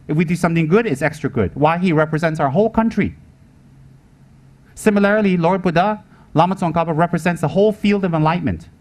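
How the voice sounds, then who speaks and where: A man giving a Buddhist teaching in an emphatic manner, repeating his points and asking rhetorical questions. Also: a little high. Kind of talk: Dharma teaching.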